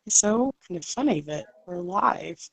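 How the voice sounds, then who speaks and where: A woman joining a casual live-stream chat as a guest, playful and animated. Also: lowish voice, normal speed, vocal fry, poor audio.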